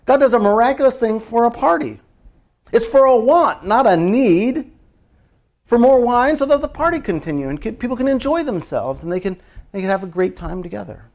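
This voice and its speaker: This sermon comes from a male pastor whose high, light voice carries some vocal fry. Chatty and animated, he laughs a lot and performs the prayers he quotes along the way.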